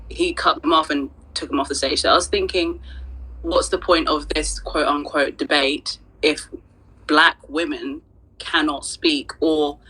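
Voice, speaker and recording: A woman speaking in an online audio space, telling a story in an animated, exasperated way. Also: low voice, breathy edge, low-quality recording. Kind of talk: casual discussion.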